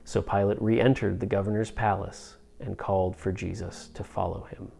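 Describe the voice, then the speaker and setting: A man reading scripture aloud at a church service in a slow, solemn, dramatic way. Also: deep voice, level tone, vocal fry, warm tone, breathy edge, faint music behind. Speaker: scripture reader.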